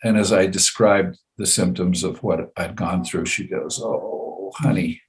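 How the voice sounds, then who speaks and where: An older man in his seventies with a very low voice recounts a story from his own life in relaxed conversation. He repeats phrases for effect and chuckles often as he talks. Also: moderate pace. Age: 70s. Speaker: guest storyteller.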